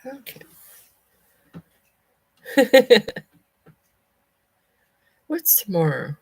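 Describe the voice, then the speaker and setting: A woman's voice: mid-range voice, big pitch swings, drawn-out words, creaky, darkish tone, breathy edge. A woman with a Southern US accent chatting casually on a live stream, rambling from topic to topic and breaking off to call her cat.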